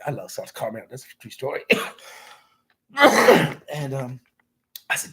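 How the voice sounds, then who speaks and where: A livestream host speaks fairly quickly in a fairly low, expressive voice that's fairly bright in tone and slightly rough. His rambling, profane story for viewers has sentences ending in "man," and he insists it's all true.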